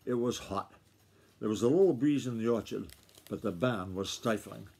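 A man reading a novel aloud to his family in a steady storytelling voice, with small slips now and then. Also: on the low side, moderate pace, gravelly, slightly rough.

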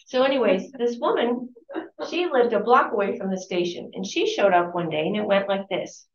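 At a library book talk, a woman reads aloud from a memoir in a conversational way, adding chatty asides and fixing her own sentences midway. Her mid-range voice is expressive and moves at a normal pace. The recording sounds distant, roomy and dull.

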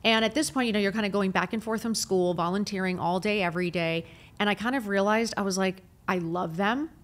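A woman's voice: mid-range voice, fairly quick. A middle-aged woman, a podcast guest, telling her personal story candidly and with animation, full of filler phrases.

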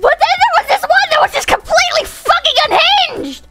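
A woman streamer chatting casually to her chat, excitable and swearing, often breaking into shouts. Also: very high voice, moderate pace, soft background music. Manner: excitable, swears a lot, bursts into shouting and laughter. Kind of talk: casual live-stream chat reading posts to chat.

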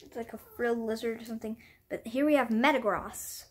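Speaking a little fast with fairly even intonation and a fairly high pitch, a woman films a laid-back show-and-tell vlog of her collection at home. She wanders in her talk, keeps apologizing, makes fun of herself, and sometimes whispers.

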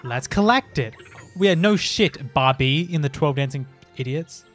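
A young man gives rambling, profane let's-play commentary, winded from dancing along. His voice sits a little high for a man, with faint music playing under it. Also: lively intonation, normal speed, fairly bright tone. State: out of breath from dancing. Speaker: gaming streamer.

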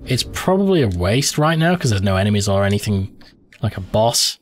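A man's voice: lowish voice, lively intonation, moderate pace. A man hosting a let's play, giving profane, reactive commentary and thinking aloud as he plays. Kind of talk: live gameplay commentary.

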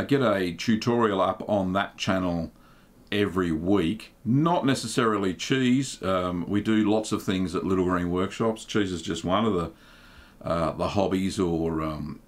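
A middle-aged man, hosting a casual livestream in a relaxed, chatty way, with plenty of ums and uhs. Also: sits low. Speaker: livestream host.

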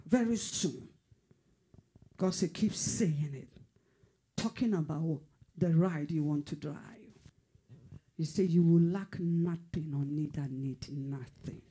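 A man's voice: on the high side, slow, warm tone, slightly rough. A man preaching a fervent prophetic sermon, repeating phrases and at times dropping to a whisper. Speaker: pastor.

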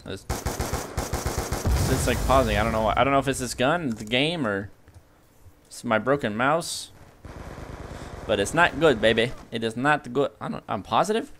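A young man giving live gameplay commentary as a video host, excitable and yelping at sudden action. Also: mid-range voice, moderate pace, pauses often, noisy background.

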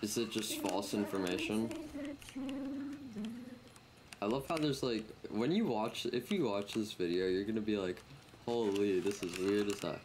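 A man's voice: on the low side, moderate pace. A young man giving casual, teasing commentary while playing a game with a friend. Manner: joking, teasing banter. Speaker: gaming YouTuber. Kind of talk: casual let's-play commentary. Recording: noisy gameplay capture.

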